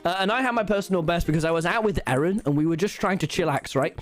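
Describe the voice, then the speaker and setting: A teenage boy telling an animated, rambling story to an audience, swearing freely and restarting his sentences. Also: high-pitched, quick pace. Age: teens. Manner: excitable, rambling, swears a lot, frequent restarts. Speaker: streamer.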